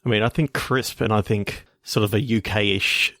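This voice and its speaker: A man co-hosting a podcast, casually pitching story ideas in loose, halting phrases. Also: steady tone, fairly bright tone, no echo, clean studio sound. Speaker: podcast co-host. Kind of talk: casual brainstorming chat.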